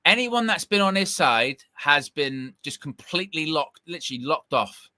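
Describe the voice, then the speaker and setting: Young male watch-along host, bright higher voice, excitable and quick to shout. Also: no echo. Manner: excitable, bursts into shouting at big moments. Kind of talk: live football watch-along commentary.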